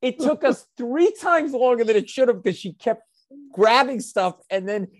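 A man telling rambling comic stories in casual chat, swearing freely and getting animated. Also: very high voice, normal speed, no room sound, studio quality. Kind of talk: casual chat, comedic storytelling.

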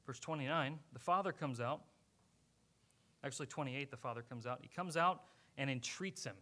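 A male pastor preaching a sermon, telling the story with animated energy and acting out the characters. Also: medium pitch, moderate pace.

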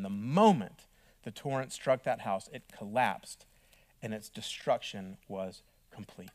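Man preaching with dramatic emphasis. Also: mid-range voice. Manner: reads scripture aloud, dramatic swings in loudness and pace. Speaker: pastor. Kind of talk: sermon.

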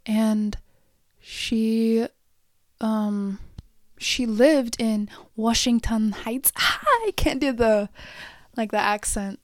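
A woman's voice: a little high, expressive, extremely slow, no echo. Teen girl vlogger, rambling and chatty, slips into whispers, dry close sound. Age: teens. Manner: rambling, many fillers, whispery asides. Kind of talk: casual personal storytelling.

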